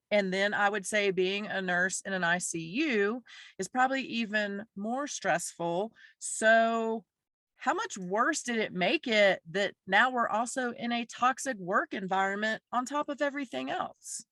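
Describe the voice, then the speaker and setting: A woman's voice: fairly high pitch, animated, unhurried, pushed and bright, dry recording. A woman hosting a podcast, introducing her guest and asking questions in a chatty way. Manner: chatty, with restarts. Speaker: podcast host.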